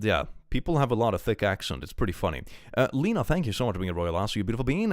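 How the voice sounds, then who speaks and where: A man from Sweden with a Swedish accent, streaming casually and reading viewer messages, jokey and animated, swearing freely and swinging between mock gloom and excitement. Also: sits low, quick pace, hardly any pauses, no echo, studio quality.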